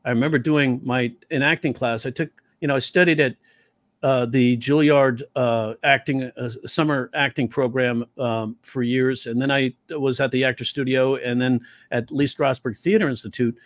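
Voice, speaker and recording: A man who teaches comedy telling stories in an interview, animated and slipping into quoted voices. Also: mid-range voice, normal speed, dry recording. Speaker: comedy teacher and stand-up comic. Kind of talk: storytelling interview talk.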